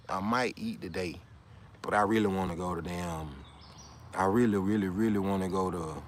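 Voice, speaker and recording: Low-voiced man rambling on a livestream. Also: slight background noise. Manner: rambling, swearing, taunting a viewer. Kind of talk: casual livestream talk to chat.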